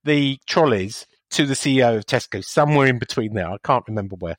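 A man's voice: medium pitch, lively intonation, fast, dry recording. A man hosting a casual radio chat, teasing his co-host and steering the talk along. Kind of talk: casual banter.

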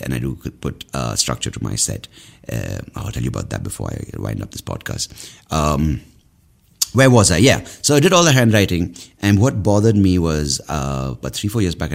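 A man from India in his thirties hosts a podcast as a casual, rambling monologue, swearing freely and mocking himself. His low, gravelly voice is sing-song and fairly quick.

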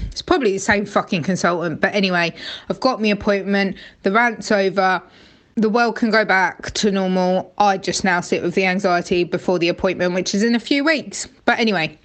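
Woman, UK caller, voice message, nervous, rambling, sweary, middling pitch. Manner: nervous, rambling, sweary, pacing while she talks. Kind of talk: casual chatty voice message.

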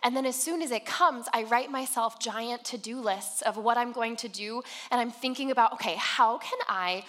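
Bright-voiced woman preaching in a hall. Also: fairly high pitch, moderate pace. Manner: chatty, storytelling, fillers like "um" and "like". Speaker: speaker giving a sermon. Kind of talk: conversational sermon. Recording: long reverb of a large hall.

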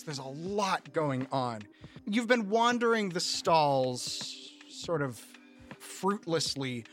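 A man's voice: on the high side, fairly bright tone. A man narrating a tabletop game as game master, in a loose, rambling way full of fillers.

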